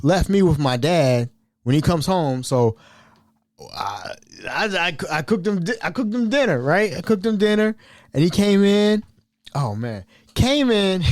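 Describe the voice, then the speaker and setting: With a slightly high voice, an Ohio man hosting a podcast spins old stories in a relaxed, chatty, animated manner, laughing a lot. The audio is studio quality and free of echo.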